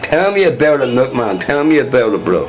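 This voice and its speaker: A man's voice: medium pitch, sing-song, fairly quick, music in the background. A man hosting a casual livestream, talking heatedly to his chat and repeating his points. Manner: talks to chat viewers directly; heated, scornful. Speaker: livestream host.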